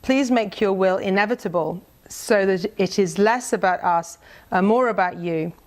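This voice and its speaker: Middle-aged woman, testimony speaker at a church gathering, earnest and conversational, medium pitch. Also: moderate pace. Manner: conversational, earnest, with many restarts and reading aloud a prayer. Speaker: speaker sharing a mission testimony. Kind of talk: personal testimony talk to a church group.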